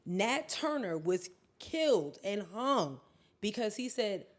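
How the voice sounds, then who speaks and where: A woman's voice: mid-range voice, big pitch swings, takes it slowly. A woman co-hosting a podcast in casual chat, blunt and emphatic, swearing freely. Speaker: podcast co-host.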